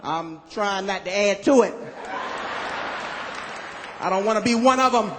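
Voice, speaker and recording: A man performing a stand-up comedy routine on stage, animated and loud on his punchlines, acting out other people's voices. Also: sits high, unhurried, crowd noise, noisy background. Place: comedy club stage with live audience. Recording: live hall recording with audience.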